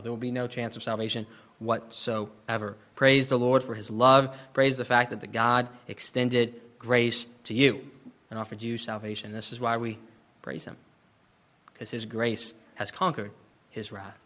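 A man delivers a sermon in a bright, ringing voice. He reads scripture with rising emphasis and presses each point home, swinging between loud declarations and quiet, serious asides. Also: mid-range voice. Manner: emphatic preaching, reading scripture aloud with rising intensity. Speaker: preacher.

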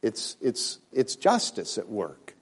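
A man's voice: on the low side, wildly swooping pitch, slow pace, slightly rough. A man preaching a sermon, emphatic, rising in force when he quotes scripture.

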